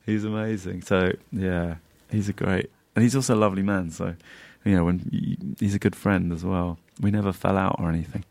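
Speaking low and a little fast with vocal fry, he's a comedian guest chatting casually. He spins lively anecdotes, laughs a lot, and imitates how others talk.

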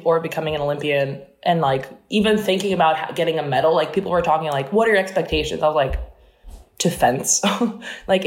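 Fast-talking young woman, roomy sound. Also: low voice. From New Jersey, USA. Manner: fast-talking, animated, full of "like" and laughter. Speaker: Olympic fencer, interview guest. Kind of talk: casual storytelling interview. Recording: roomy echo.

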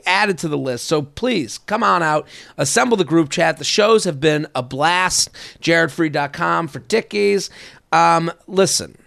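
A man hosting a podcast in an energetic, playful chat, with sing-song emphasis, close to the mic. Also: a little high, gravelly, no room sound. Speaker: podcast host.

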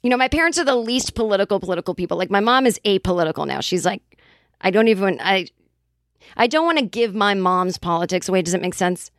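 A woman's voice: mid-range voice, lively intonation, fast, dry recording, clean studio sound. A woman comedian from the Boston area, telling a rambling, profane story in casual chat with lots of quoted voices. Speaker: comedian and writer.

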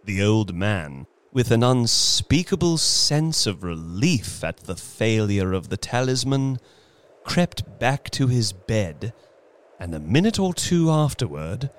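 A man narrating a horror story in a slow, hushed, suspenseful dramatic reading. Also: on the low side, very animated.

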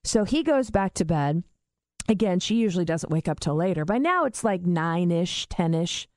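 A woman in her forties telling a story in casual podcast chat, animated and swearing freely. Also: on the low side, normal speed, no room sound, studio quality. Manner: animated, acts out voices in quotes, swears freely.

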